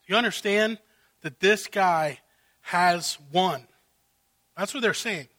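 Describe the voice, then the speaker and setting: A man's voice: high-pitched, takes it slowly, sharp tone. A male pastor preaching an expository sermon, walking through the text and acting out what the characters are really saying.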